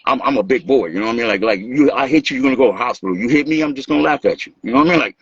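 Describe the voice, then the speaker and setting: A man from Los telling stories in an animated, casual way, acting out what people said and swearing freely. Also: mid-range voice, rapid-fire, slightly rough, dry recording. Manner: animated, acts out quotes, swears freely, laughs. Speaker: guest, dancer and music maker. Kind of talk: casual storytelling interview. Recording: dull lo-fi sound.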